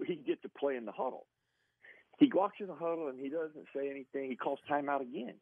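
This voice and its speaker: A man, a former football player, telling an animated story as a guest, often laughing as he talks. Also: fairly high pitch, brisk, breathy edge, dry recording, narrow, tinny audio. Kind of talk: casual storytelling.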